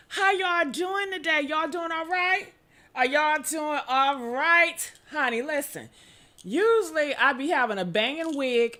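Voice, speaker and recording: Her voice high, bright, and sharp, this gossip show host chats casually on a livestream, addressing viewers head-on as "honey" and tossing out "okay?" She's exclamatory throughout and lets loose sudden whoops.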